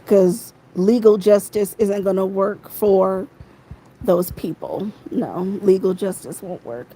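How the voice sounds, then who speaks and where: Furious and cursing, a woman livestreams a rant from her phone at a slow pace, repeating the same phrases again and again. Even when heated, her medium-pitched voice sounds soft, warm, and dark, though the recording itself is rough.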